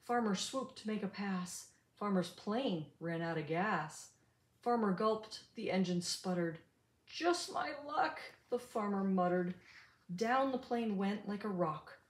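An older woman reading a rhyming picture book aloud in an animated, sing-song way. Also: mid-range voice, a little slow, reverberant. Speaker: storybook reader.

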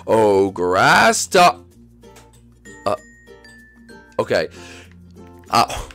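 A young man hosting a Minecraft role-play, excitable and swinging from loud shouts to mumbled asides. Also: on the low side, very slow, faint music behind. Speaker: YouTube host and role-player.

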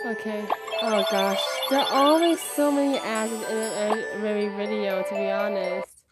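A woman with a cough, who says she is sick, giving rambling, excitable casual commentary as she reacts to a music video. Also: medium pitch, normal speed. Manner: rambling, chatty, easily excited. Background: loud music from the video she watches.

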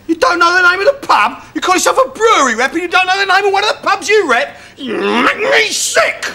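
A man playing a bombastic middle-aged pub landlord in a sitcom, blustering and shouting. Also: very high voice, very animated, a little fast, gravelly, exaggerated voice. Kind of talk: sitcom acting.

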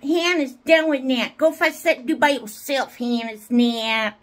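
A woman making a playful home video for a child, slow and sing-song, with soft drawn-out repeats. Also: sits high. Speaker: home video maker playing with toys for a child.

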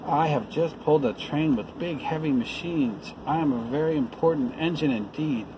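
A man's voice: fairly high pitch, normal speed, background noise, lightly acted. A man voicing a proud, boastful big engine in a storybook.

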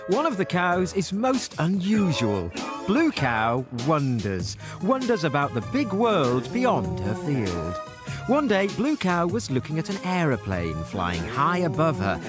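A gentle, expressive storyteller narrating a children's cartoon story. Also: medium pitch. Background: music.

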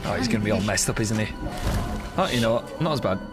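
A man streamer giving casual commentary while playing a horror game, excitable, swearing often and chatting with his viewers. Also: lowish voice, fast, over loud music.

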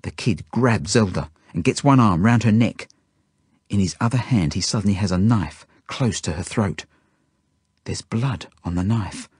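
A man with a lowish, slightly husky voice reads a children's story in the first person, his pitch rising and falling with feeling. He drops to hushed tones at the tense moments. The recording is dry and close, with no room sound. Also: a little slow, no echo. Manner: expressive, dropping to hushed tones. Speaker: audiobook reader.

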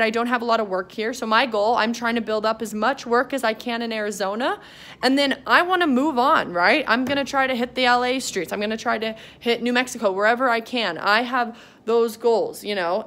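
Upbeat chatty woman, bright voice. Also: on the high side. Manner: upbeat, chatty, rambling with fillers. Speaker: vlogger, aspiring actress. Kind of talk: casual motivational vlog. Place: her home, walking between rooms.

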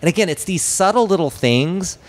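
A man, a film director guest in a casual interview, telling stories in an animated way and acting out his characters' lines. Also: sits high, normal speed. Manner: animated storyteller who acts out character lines.

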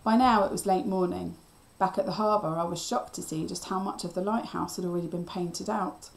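A woman teacher reading a children's novel aloud in a steady, expressive storytelling voice. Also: lowish voice, fairly quick, vocal fry, rough recording.

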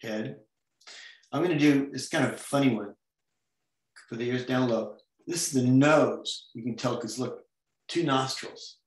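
Playful man, mid-pitched, teaching comics over a video call, adds silly noises while drawing, echoey room. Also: measured pace, pauses often. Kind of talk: online drawing lesson.

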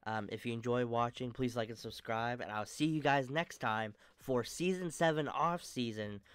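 A young man hosting his own channel, talking casually about a sports video game franchise in a stuffy, monotone voice, rambling with many fillers and restarts. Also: moderate pace, clear, resonant tone, no echo. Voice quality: monotone, low energy. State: stuffy nose. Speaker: channel host.

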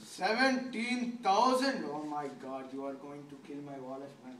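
A man's voice: medium pitch, monotone, a little fast, a little mellow, a little hiss or hum, close to an everyday voice. A young man acting as an indignant young customer haggling over a phone in a school skit. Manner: indignant and cheeky. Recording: echoey hall from far off with crowd.

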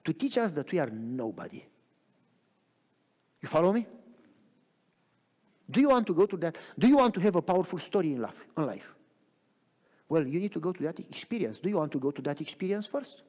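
Animated preaching man in a reverberant church. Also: fairly high pitch, normal speed, long pauses. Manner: animated preaching with frequent rhetorical questions. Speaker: pastor. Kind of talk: sermon. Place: church sanctuary.

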